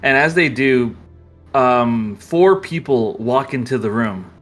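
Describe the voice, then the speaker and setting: A game master narrating a tabletop game, loose and chatty, with lots of fillers. The voice swings widely in pitch. Faint music plays underneath. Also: lively intonation, slow, a bit bright. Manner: rambling, filler-heavy narration.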